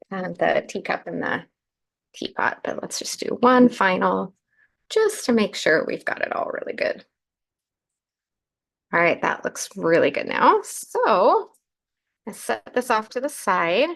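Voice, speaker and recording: A woman hosts a live card-making demonstration and talks casually through every step as she works. Her voice is still groggy from the morning and has a gravelly edge with plenty of fry. Her pitch sits in the middle range for a woman. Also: big pitch swings, unhurried. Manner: chatty, narrating each step as she works. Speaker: craft show host.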